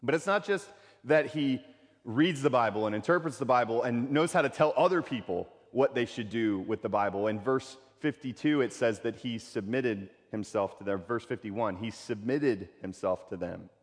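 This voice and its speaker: A pastor preaching a sermon in a conversational way, repeating key phrases for emphasis. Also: male voice, medium pitch, moderate pace, big-room sound.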